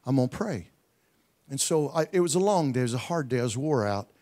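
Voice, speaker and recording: A man preaching a sermon, telling a story in a folksy way, stumbling over repeated words and building to loud shouts. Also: mid-range voice, expressive, a little fast.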